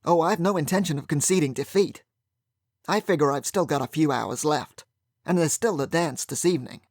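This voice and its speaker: A man voicing a mischievous, teasing young gentleman in an audiobook. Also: a little high, moderate pace, no room sound, clean studio sound. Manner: teasing, playful.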